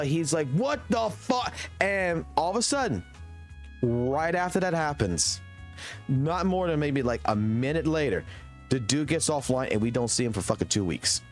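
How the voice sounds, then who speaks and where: A man in his thirties, speaking at an ordinary middle pitch, spins a long rambling story for his live stream viewers, with swearing in almost every line. Faint music plays underneath. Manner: profane, rambling anecdote-telling.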